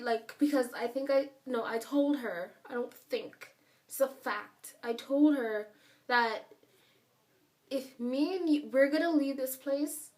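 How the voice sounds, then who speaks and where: A woman vlogger telling a story in a casual, rambling way, filling her speech with "like" and stressing her points hard. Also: a little high. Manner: rambling and emphatic, heavy use of filler "like". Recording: voice a bit far from the mic.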